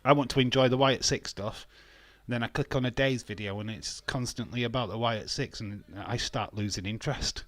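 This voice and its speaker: A man's voice: mid-range voice, moderate pace, a bit bright, dry recording. A man hosting a wrestling watch-along stream, ranting bluntly in casual talk, swearing freely and laughing often.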